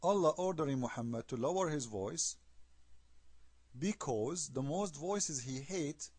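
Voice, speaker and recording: A man's voice: a little high, animated, a little slow, a little mellow, slightly rough, no room sound. A man giving an argumentative video commentary, emphatic and scornful, firing off rhetorical questions in non-native English. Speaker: online commentator.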